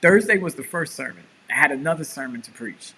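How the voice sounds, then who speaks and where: A man's voice: a little high, brisk, slight background noise, low-quality recording. A man, a pastor and show co-host, telling a story in casual chat and acting out the quotes. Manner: animated storyteller, acts out quotes.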